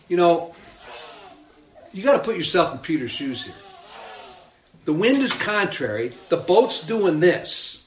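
A man preaching a sermon, animated and emphatic, acting out the story as he tells it. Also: a little high, unhurried, pauses often, echoey room. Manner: animated, acts out the scene with rising emphasis.

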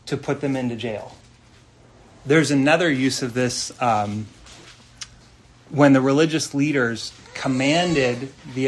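A man delivers an expository sermon at a slow, deliberate pace and in a mid-pitched voice. He talks earnestly and conversationally and often asks his listeners questions. Faint room ambience hums in the background. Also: slight background noise. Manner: reads scripture slowly and deliberately. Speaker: pastor.

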